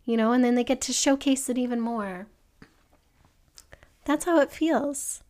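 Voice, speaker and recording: A woman speaks alone on her podcast in a somewhat high voice. She talks in an earnest, reflective way and gently encourages the listener, putting questions to them to think over. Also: a little slow. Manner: acts out an excited child in a higher voice. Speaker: podcast host. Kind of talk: reflective solo podcast monologue.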